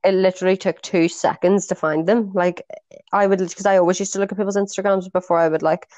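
A woman's voice: medium pitch, fairly even intonation, quick pace, a little mellow, no room sound. A woman in her twenties co-hosting a podcast, chatting casually, swearing freely and filling her talk with "like". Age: 20s. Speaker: podcast co-host. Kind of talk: casual chat.

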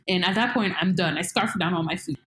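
A young woman tells a story in casual conversation, animated and quick, breaking into high squeals as she acts out her panic. The sound is roomy with slight background noise.

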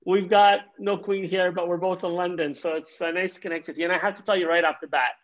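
A man's voice: high voice, steady tone, fast, lo-fi sound. A man hosting a podcast interview, chatty and enthusiastic. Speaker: podcast host. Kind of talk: podcast interview, scripted intro.

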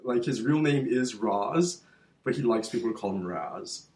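Animated swearing man in an echoey room. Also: medium pitch, quick pace. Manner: animated, swearing, heated storyteller. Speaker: podcast co-host. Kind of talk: casual chat, storytelling.

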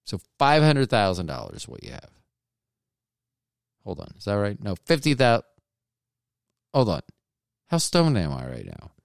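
A man's voice: lowish voice, huge pitch swings, a little slow, vocal fry, long pauses, no room sound. A male podcast host talking in a casual, rambling monologue full of self-mocking, jokey asides, close on the mic.

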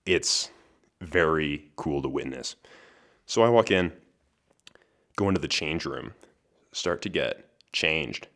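Very deep-voiced man telling a story. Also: expressive, slow, pauses often, a bit bright. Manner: chatty, laughs between lines, restarts words. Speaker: podcast host. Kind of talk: casual solo storytelling.

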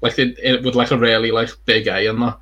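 A man's voice: mid-range voice, level tone, brisk, pushed and bright. A young man on a podcast, chatting casually in a rambling, sweary way with lots of fillers. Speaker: podcast co-host. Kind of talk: casual chat.

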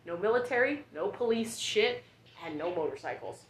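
A woman's voice: medium pitch, sing-song, normal speed, slight background noise. A woman ranting casually at home in a rambling, profane, emphatic way. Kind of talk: casual rant. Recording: echoey room.

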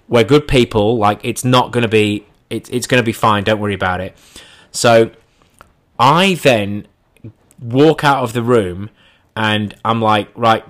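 A man telling a first-person anecdote in an animated way, acting out his own lines and his friends' lines as he goes. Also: fairly low pitch. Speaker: storyteller.

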